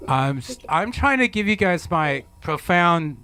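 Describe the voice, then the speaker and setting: A man with a slightly high voice hosts a comedy variety show. He muses in a halting, mock-solemn, deadpan way. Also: clear, resonant tone. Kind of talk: deadpan comic hosting.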